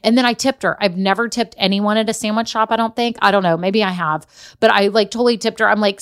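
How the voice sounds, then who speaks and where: A woman's voice: medium pitch, brisk, fairly bright tone, smooth. Chatty woman coaching business owners. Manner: chatty storyteller, addresses listeners as y'all. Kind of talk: casual motivational talk.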